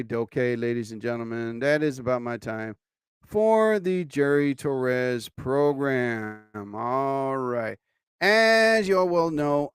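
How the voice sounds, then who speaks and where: A man's voice: fairly high pitch, no room sound. A man hosting his own live broadcast, talking in a rambling, casual monologue full of "you know" asides.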